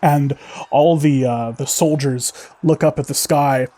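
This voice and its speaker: A man's voice: mid-range voice, steady tone, measured pace, warm tone. A man narrating as game master, describing scenes vividly with many fillers.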